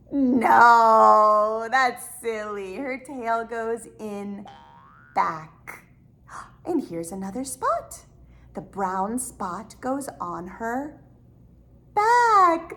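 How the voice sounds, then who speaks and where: Sing-song woman teaching toddlers, slow. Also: on the high side, fairly bright tone. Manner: sing-song, exaggerated gasps, slow, drawn-out words for little kids. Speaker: speech-language pathologist teaching toddlers. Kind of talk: toddler speech lesson over an app game.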